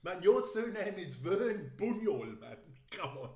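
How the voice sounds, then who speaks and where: A man with a high voice, talking in brash, teasing chat and cursing as he pleases. He sounds like he is in a roomy space with a noticeable echo. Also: very animated, unhurried, a little mellow. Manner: brash, teasing, swears freely. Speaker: podcast co-host. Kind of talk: casual chat.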